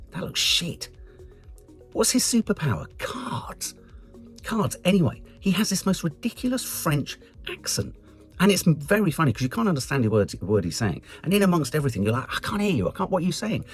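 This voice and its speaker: A man with an English accent giving a chatty, animated film review, swearing casually and jumping into high mock voices.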